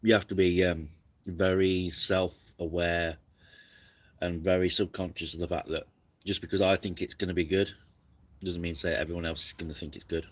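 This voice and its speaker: A man's voice: low voice, level tone, moderate pace. A man hosting a casual camping live stream, rambling and reflective, snacking between sentences.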